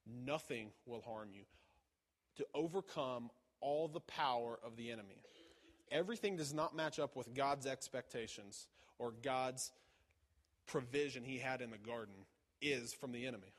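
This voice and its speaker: A man's voice: mid-range voice, normal speed. Male preacher, casual sermon delivery with fillers and restarts, echoing hall. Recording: long reverb of a large hall.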